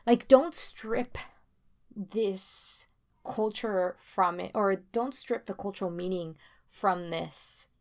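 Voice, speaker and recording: A woman in casual conversation, rambling and restarting, getting animated when she makes a point. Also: medium pitch, slow pace. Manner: rambling, self-interrupting, animated when emphatic.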